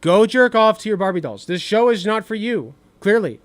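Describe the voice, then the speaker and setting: A young man with a fairly high, very animated voice gives blunt, profane reaction commentary. He circles back and repeats his points for emphasis. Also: moderate pace. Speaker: streamer reacting to clips.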